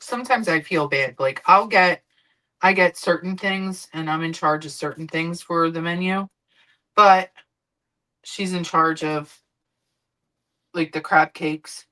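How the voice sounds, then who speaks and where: A woman's voice: fairly low pitch, slow, pauses often, pushed and bright, poor audio. A woman streamer chatting casually while she cooks, rambling and swearing now and then. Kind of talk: casual chat while cooking.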